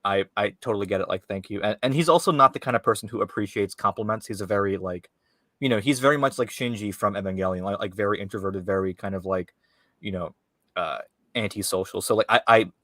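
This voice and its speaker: Lowish guy rambling thru an interview, lots of um and like, laughs a bunch, dry sound. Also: fast, sharp tone, no echo. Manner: rambling, many fillers and restarts, laughs often. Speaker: filmmaker guest. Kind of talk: casual interview chat.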